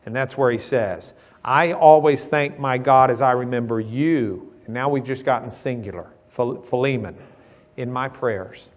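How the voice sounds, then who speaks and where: A middle-aged man with a Southern American accent, teaching a Bible class in a folksy, joking way and reading verses slowly. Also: medium pitch. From Southern United States.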